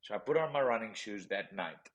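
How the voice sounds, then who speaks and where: A man's voice: on the low side, lively intonation, brisk, rough recording. A man with a South African accent, a podcast guest telling a personal story with intensity, often repeating phrases. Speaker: podcast guest, professional boxer.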